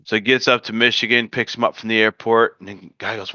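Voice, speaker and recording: A man co-hosting a casual podcast, telling a long joke in an animated way with stammered restarts. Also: on the low side, fairly quick, hardly any pauses, no room sound. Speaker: podcast co-host. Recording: dull lo-fi dry podcast audio.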